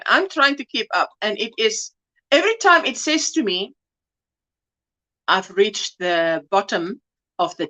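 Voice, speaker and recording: A woman's voice: on the high side, pushed and bright. A woman hosting a crochet livestream, chatting casually as she greets viewers by name and calls them sweetheart. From South Africa. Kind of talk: casual livestream chat reading viewer comments.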